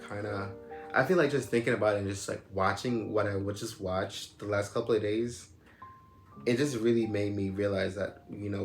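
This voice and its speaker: A man's voice: fairly low pitch, vocal fry. A young man casually telling a personal story, rambling with lots of "like" and "you know what I'm saying". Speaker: storyteller recounting a personal experience. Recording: roomy echo with loud music behind.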